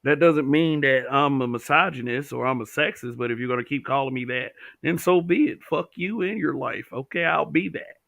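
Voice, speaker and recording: A man's voice: mid-range voice, fairly quick, creaky, few pauses, fairly bright tone, no room sound, muffled recording. A man hosting a livestream, talking bluntly with profanity and reading viewer comments. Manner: blunt, profane, talks back to chat.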